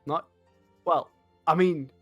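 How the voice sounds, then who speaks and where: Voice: medium pitch, slow, fairly bright tone, dry recording, soft background music. A player in a tabletop game livestream, chatting casually in a giggly, teasing and somewhat hesitant way.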